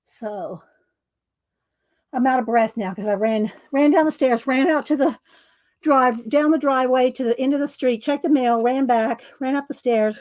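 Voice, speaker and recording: Middle-aged woman host, casual and chatty, slightly high-pitched, narrates her craft work to viewers. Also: normal speed, a little mellow. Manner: chatty, talks to viewers while working. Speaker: art livestream host. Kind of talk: casual livestream chat while crafting.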